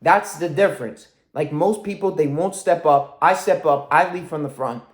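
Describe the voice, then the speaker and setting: A man's voice: on the high side, normal speed, echoey room. Intense, profane young man coaching. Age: 20s. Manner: intense, profane, self-driven. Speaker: fitness coach. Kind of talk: motivational vlog monologue. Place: room at home.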